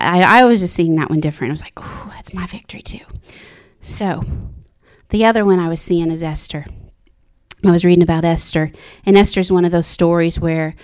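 A woman preaching a sermon with passion, climbing to high excited exclamations and dropping to a whisper for her inner thoughts.

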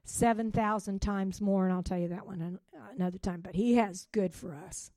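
A woman preaching a sermon with passion, swinging from loud rising calls to hushed, quiet drops. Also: mid-range voice, normal speed, dry recording. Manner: impassioned, with sudden loud rises and hushed drops.

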